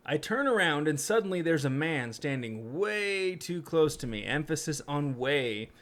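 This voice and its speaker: A man's voice: a little high, very animated, measured pace, hardly any pauses, fairly bright tone. A young man co-hosting a podcast, chatting casually and reading scary stories aloud with joking asides. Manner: joking, does silly voices for quoted people. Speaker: podcast co-host.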